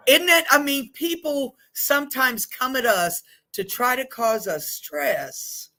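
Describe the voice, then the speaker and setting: Slow-talking frank woman leading a group. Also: high-pitched. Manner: frank and lively, with blunt asides. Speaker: group facilitator. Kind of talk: leading a group session on stress.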